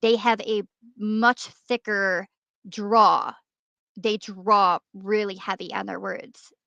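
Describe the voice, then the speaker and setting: A woman from New York in a casual chat, talking in an animated, chatty way. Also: mid-range voice, takes it slowly, creaky, no room sound. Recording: dry dull lo-fi audio.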